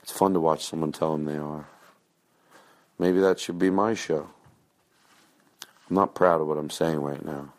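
A man hosting a comedy podcast, rambling in a self-mocking, swearing monologue that jumps into a high excited voice. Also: moderate pace, pauses often.

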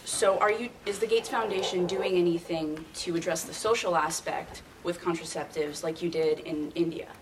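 A woman in the audience asking a question, halting and hesitant. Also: on the low side, steady tone. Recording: distant audience mic with background noise.

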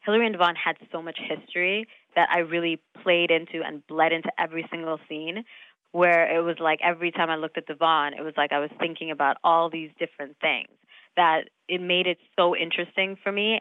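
A woman in her thirties, an actress talking casually in an interview, animated, laughing often and full of fillers. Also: low-pitched, no room sound, narrow, tinny audio. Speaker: actress guest.

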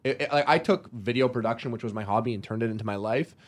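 A man with an ordinary mid-range voice talks as a guest in a podcast chat. He speaks in a relaxed, halting way, full of fillers and restarts. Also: medium pitch.

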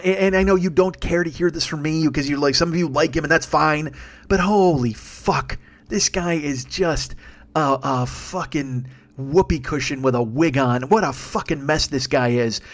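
A man who is a comedian hosting his podcast, ranting furiously and profanely. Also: a little high. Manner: profane, furious, rapid-fire. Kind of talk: angry comedic rant.

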